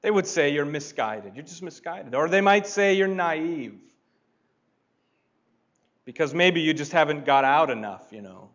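Slow, deliberate preaching man. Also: fairly high pitch, expressive, a bit bright, dull audio. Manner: slow, deliberate preaching with rising emphatic builds. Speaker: pastor. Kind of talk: sermon.

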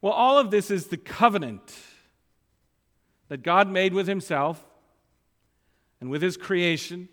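A man's voice: high voice, expressive, measured pace, long pauses, a bit bright. A man preaching a sermon, repeating key phrases for emphasis and reading scripture aloud with mounting force. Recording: long hall reverb.

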